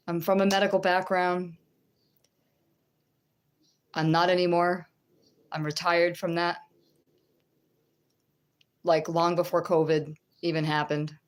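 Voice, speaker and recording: A middle-aged woman with a low voice teaches scripture and shares a testimony. She speaks slowly and conversationally, pausing and restarting, and keeps checking in with her listeners. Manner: halting, with restarts. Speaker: religious teacher.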